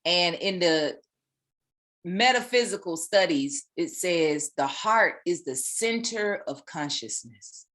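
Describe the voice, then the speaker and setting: A woman, giving a casual, animated sermon-style motivational talk as a spiritual teacher, with repeated phrases. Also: fairly low pitch, takes it slowly.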